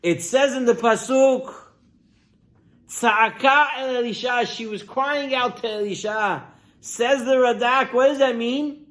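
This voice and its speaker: A man with a fairly high voice preaches a sermon as an animated storyteller. He turns to his listeners and speaks to them directly. His delivery swings from loud outbursts down to near-whispers. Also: measured pace. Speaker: rabbi.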